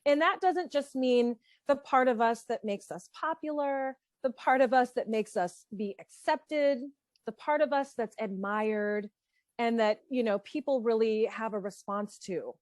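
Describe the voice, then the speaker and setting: A woman hosting a panel discussion, opening the topic in a measured, deliberate way. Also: a little high, a little mellow, dry recording. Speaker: host.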